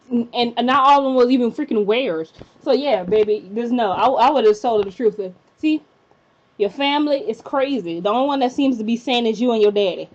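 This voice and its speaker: A woman's voice: mid-range voice, brisk, darkish tone. A woman giving a casual recap of a TV episode, chatty and breaking into indignant rants. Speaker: TV episode reviewer. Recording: slightly dull lo-fi recording.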